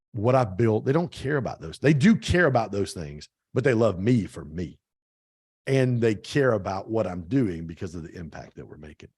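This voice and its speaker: A man's voice: lowish voice, dry recording. Middle-aged male motivational speaker on a video call, punchy and repetitive, very dry sound. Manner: energetic, emphatic, repeats phrases, swears casually. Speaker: webinar speaker and mentor.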